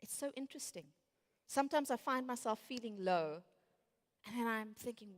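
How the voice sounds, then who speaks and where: Speaking at a normal pace in a rather high, animated voice, a woman in her late thirties gives a motivational talk at a conference. She brings her stories to life by acting out her inner voices. The large conference hall makes the recording reverberant.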